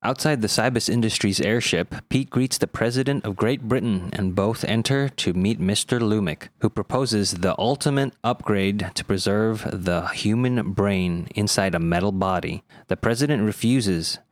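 Man, low voice, plot summary, wry, dry sound. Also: moderate pace, few pauses, no echo. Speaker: podcast co-host.

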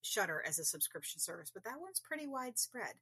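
A woman's voice: mid-range voice, sing-song, fast, husky, no echo, clean studio sound. A woman hosting a podcast, chatting casually and gushing with enthusiasm about her guest. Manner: warm, effusive, gushing. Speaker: podcast host.

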